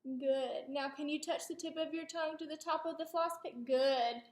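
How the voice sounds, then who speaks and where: Casting: high-pitched woman speech therapist, patient and encouraging, roomy echo. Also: fairly even intonation, moderate pace. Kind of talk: clinical demonstration.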